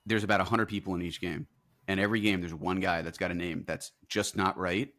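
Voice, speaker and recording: A middle-aged man, a guest on a podcast, telling stories in a lively, casual way and laughing often. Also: deep voice, fairly quick. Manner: animated storyteller, laughs often. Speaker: guest, company CEO.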